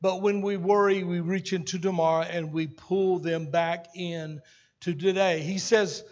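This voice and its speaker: A man's voice: high voice, fairly even intonation, unhurried. A man preaching a sermon as senior pastor in a church, folksy and conversational, with asides to his congregation. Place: church sanctuary. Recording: dull sermon recording with long hall reverb.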